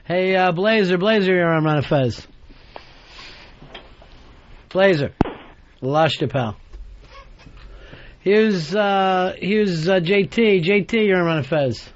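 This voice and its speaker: Radio host guy, fairly high voice, dry and teasing, taking calls, a little muffled with faint music underneath. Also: slow pace, long pauses, a little hiss or hum. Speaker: radio talk show host.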